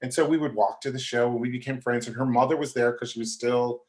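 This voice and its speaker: Animated man telling showbiz stories. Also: mid-range voice, quick pace. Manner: animated, acts out quoted voices. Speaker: podcast guest. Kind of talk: casual storytelling.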